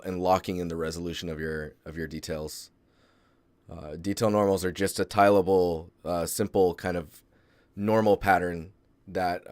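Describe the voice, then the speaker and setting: Deep-voiced man giving casual art critique. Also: dry recording. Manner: relaxed, rambling, many fillers and restarts. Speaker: host reviewing art portfolios. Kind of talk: casual live-stream critique.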